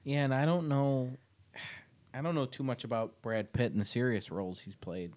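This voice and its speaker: A man's voice: mid-range voice, steady tone, normal speed, a little mellow, no echo. A man co-hosting a podcast, talking casually and thoughtfully, trailing off as he thinks. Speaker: podcast co-host. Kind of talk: casual chat.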